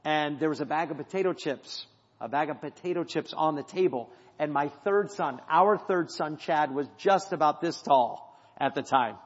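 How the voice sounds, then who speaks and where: A man preaches a sermon with a fairly high voice, telling a family story with sudden loud peaks and quiet drops. His voice rings through a church with a long echo, and the recording sounds dull. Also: moderate pace. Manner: storytelling with swings from loud to hushed. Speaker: missionary preacher. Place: church sanctuary. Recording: dull audio in a hall with long reverb.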